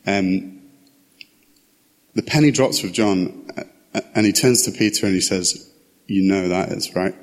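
A man preaching a casual sermon, reading scripture and then explaining it in a chatty, conversational way with asides. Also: lowish voice. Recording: long hall reverb.

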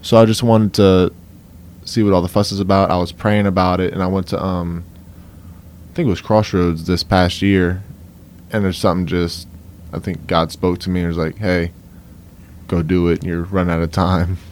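A man's voice: deep voice, level tone, moderate pace, darkish tone, slight background noise. A young man with a Cajun accent from South Louisiana, answering interview questions in an easygoing way with many fillers. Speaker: guest. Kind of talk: conversational interview.

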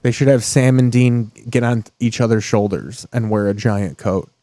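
Crude joking man with a mellow voice. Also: mid-range voice, fairly even intonation, moderate pace, dry recording. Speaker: podcast host. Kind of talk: casual chat watching TV.

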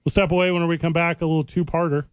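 A man with a Boston accent co-hosting a sports radio show, talking in wry, joking banter with quick asides. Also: fairly high pitch, level tone, no room sound, highs cut off. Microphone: studio microphone.

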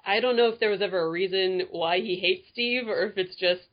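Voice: medium pitch, fairly quick. A podcast co-host in casual chat who is playful and laughs often. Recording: slightly muffled audio.

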